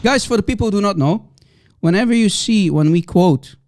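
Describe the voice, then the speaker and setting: A man hosting a livestream, reacting to clips with laughing, excitable, mocking asides to viewers. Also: high-pitched, fairly quick, no echo, clean studio sound. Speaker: livestream host. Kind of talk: live reaction commentary.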